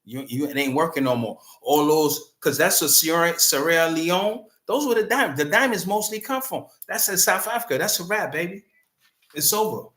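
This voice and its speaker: A man commenting casually on news clips, loud and slangy, repeating himself as he talks. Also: a little high, lively intonation, normal speed, reverberant.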